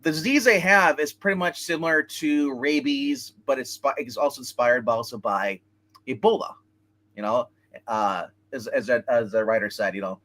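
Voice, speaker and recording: A man's voice: medium pitch, moderate pace, a bit bright. A man co-hosting a casual film review chat, rambling as he retells scenes and acts out quotes. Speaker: movie review show co-host.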